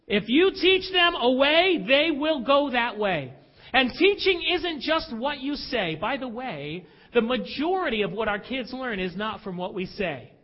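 Male pastor, very high voice, emphatic confessional preaching, echoing hall. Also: very animated, measured pace, dull audio. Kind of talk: sermon.

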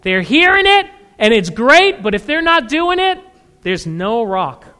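Male pastor, sermon delivery, very high and bright voice, dramatic shouted asides, reverberant church hall. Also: measured pace, smooth. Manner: animated preaching, voice leaping high and loud to act out voices of churchgoers. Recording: echoey hall with long reverb.

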